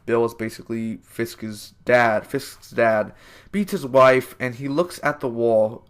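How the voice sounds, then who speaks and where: Rambling, enthusiastic young man reviewing TV. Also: mid-range voice. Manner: loose and rambling, heavy on fillers and self-corrections; enthusiastic, addresses viewers as "man" and "guys". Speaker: TV episode reviewer. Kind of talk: casual spoken review.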